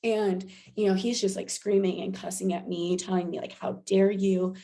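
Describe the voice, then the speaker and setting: A woman guest on a podcast, telling a personal story in animated casual chat, full of "like" fillers. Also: medium pitch, fairly quick, vocal fry.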